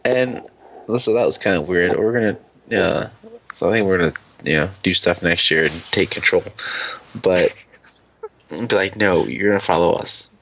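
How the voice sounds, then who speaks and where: A young man rambling through casual podcast chat, swearing often and mimicking people in high voices. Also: moderate pace, long pauses, a bit bright, highs cut off, slight background noise. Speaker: podcast co-host.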